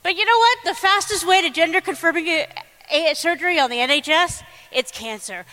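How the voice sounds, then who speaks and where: A woman giving a fast, comic lightning talk on stage, blunt and irreverent. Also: extremely high pitch, sharp tone. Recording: reverberant hall over a PA.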